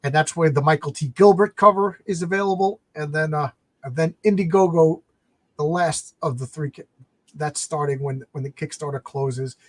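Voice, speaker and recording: A man's voice: on the high side, dry recording. Man rambling through comic plots late at night. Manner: rambling, retells comic plots with quick put-on lines. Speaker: comics live stream host. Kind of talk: casual late-night live stream chat.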